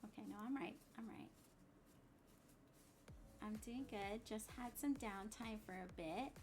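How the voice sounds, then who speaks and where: A woman chatting casually on a crafting livestream, bubbly and quick to laugh, greeting viewers loudly and muttering to herself as she works. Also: medium pitch, soft background music. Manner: mutters and whispers to herself while working. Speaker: craft streamer.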